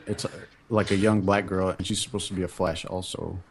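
A man on a fan panel talking in a halting way, restarting sentences often. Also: sits low, fairly even intonation, a little hiss or hum. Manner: halting, full of restarts and fillers. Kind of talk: casual panel chat.

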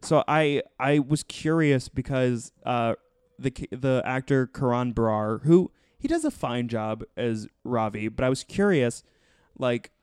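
Man, casual podcast host, rambling chatter, smooth and resonant, dry sound. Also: mid-range voice, a little slow, a little mellow, no room sound. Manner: rambling, many fillers and restarts. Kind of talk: casual podcast chat reviewing a TV show.

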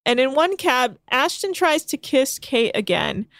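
A young woman with a fairly high voice, animatedly recapping a reality show on a casual podcast. She retells the scenes and acts out what each person said, and the sound is close and dry with no room around it. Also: a little slow, creaky, dry recording. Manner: animated storytelling with quoted voices. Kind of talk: casual chat.

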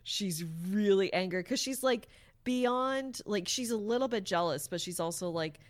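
A woman's voice: mid-range voice, moderate pace. A woman in casual podcast chat, retelling a plot with lots of fillers, acting out the characters' lines and swearing now and then. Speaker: podcast co-host recapping a story.

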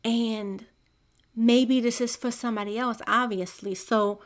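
A woman's voice: fairly high pitch, fairly even intonation, unhurried. A mother hosting a faith podcast, speaking in an earnest, confiding monologue to her listeners. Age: young adult to middle-aged, a mother. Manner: earnest, confiding, soft-spoken. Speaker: podcast host.

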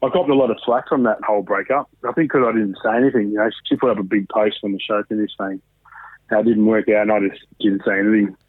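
A man's voice: fairly low pitch, fairly even intonation, fast talker. A man with an Australian accent calls in over a thin, phone-like line with no room echo. He tells his story casually and candidly, swearing freely and animating his retelling. He sounds like a man in his thirties. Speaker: guest. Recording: dry, tinny phone line.

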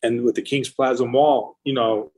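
A middle-aged man with a husky, mid-pitched voice spins long stories about his career in a casual interview. He swears freely and keeps talking in an animated, rambling way. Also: normal speed, rough recording. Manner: profane, animated anecdotes. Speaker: record label founder.

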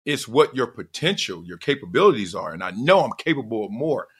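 A middle-aged man from Southern California who tells a personal story with lots of feeling. His pitch jumps around and he sometimes lets out loud whoops. His voice has a bright, forceful edge. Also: big pitch swings, brisk, slightly rough. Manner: emphatic, digressive, bursts into loud whoops. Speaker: podcast host.

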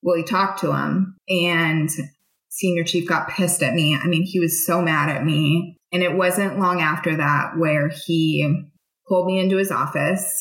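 A woman's voice: deep voice, fairly even intonation, unhurried, a bit bright. A young adult woman, a military veteran, telling her own story in a frank, conversational way with many fillers. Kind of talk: candid personal storytelling. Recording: echoey room.

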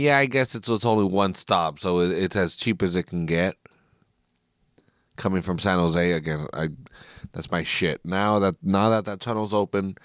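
A man's voice: lowish voice, dry recording, clean studio sound. Profane American man ranting on a podcast. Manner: profane, frustrated, ranting with frequent restarts. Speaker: podcast host. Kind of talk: solo casual podcast rant.

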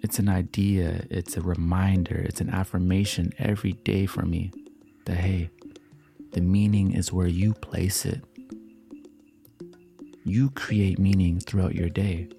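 A man giving a calm, reflective motivational talk, repeating affirmations and sometimes dropping into a soft whisper. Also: low-pitched, measured pace, vocal fry, pauses often, soft background music. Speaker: motivational speaker.

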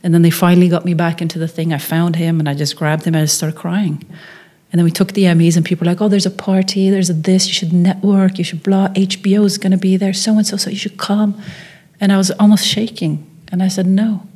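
A woman's voice: lowish voice, quick pace, husky. A middle-aged woman from Norway, a filmmaker guest, telling a story in an interview and acting out the people she quotes. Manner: animated storyteller, acts out quoted voices.

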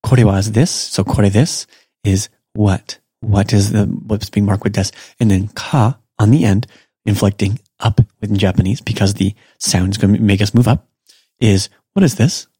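Male podcast teacher, lowish voice, dry close sound, relaxed explainer. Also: moderate pace, slightly rough, no room sound. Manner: relaxed, explanatory, talks through examples. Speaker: language teacher and podcast host. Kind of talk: casual podcast lesson.

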